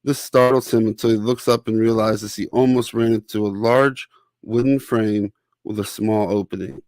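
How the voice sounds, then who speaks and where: A man reads a children's picture book aloud in a steady, clear way. His voice is fairly low, and the recording is close and dry, with no room sound. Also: normal speed, no echo. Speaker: author and narrator.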